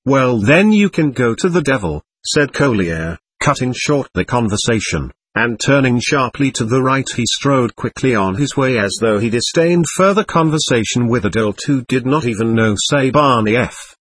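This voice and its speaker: A man narrating a classic novel in a measured, expressive reading. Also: medium pitch, slightly rough. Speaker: audiobook narrator.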